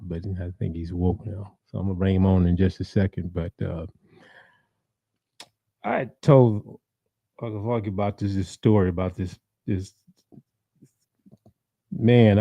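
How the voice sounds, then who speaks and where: A man's voice: on the low side, no room sound, lo-fi sound. A man hosting a blues and soul show, chatting casually and greeting listeners by name in a rambling way. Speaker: radio show host. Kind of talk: casual live-stream chat.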